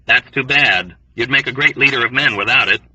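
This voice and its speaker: A man voicing a wary, sardonic young airman who speaks in an urgent, hushed way. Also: mid-range voice, fairly quick, husky, dry recording, far from the mic, rough recording. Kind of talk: audiobook character voice.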